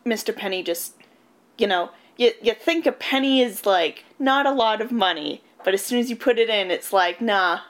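A woman's voice: a little high, lively intonation, normal speed. Wry woman recapping a movie plot. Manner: plot recapping with dry jokes. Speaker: podcast co-host. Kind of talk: casual plot recap and chat.

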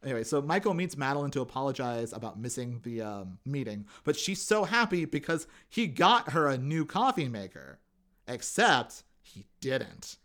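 Animated man recapping an episode. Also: medium pitch, moderate pace. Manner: animated retelling, acts out quotes in funny voices. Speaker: podcast co-host recapping a TV episode. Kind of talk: casual chat.

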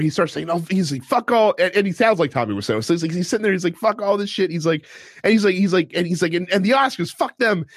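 A man's voice: a little high, breathy edge, no room sound, clean studio sound. A man hosting a podcast in casual chat, acting out quotes and swearing freely. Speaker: podcast host.

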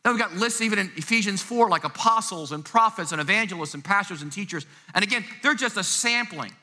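A man's voice: high-pitched, expressive, quick pace, pushed and bright. A male pastor preaching a conversational sermon to his congregation in a church sanctuary, emphatic and prone to repeating words as he presses a point. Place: church sanctuary, live service.

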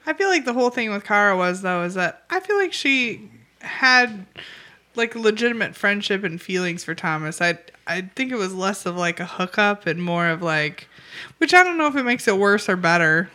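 A woman co-hosts a relaxed podcast recap with a bright, clear tone. She talks loosely and hedges her points with "like" and "I feel like", and she laughs easily between remarks. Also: mid-range voice, normal speed. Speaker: podcast co-host. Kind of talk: casual chat recapping a reality show.

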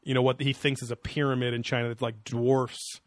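A man's voice: mid-range voice, level tone, brisk, no room sound, clean studio sound. A man co-hosting a podcast, mocking a TV show in a sarcastic, profane, rambling way. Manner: sarcastic and profane, with many fillers. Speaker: podcast co-host. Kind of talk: casual chat reviewing a TV show.

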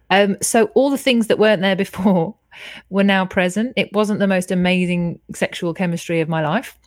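A woman's voice: on the low side, dry recording, studio quality. A woman, telling her personal story frankly and earnestly as a podcast guest over a video call, swearing freely.

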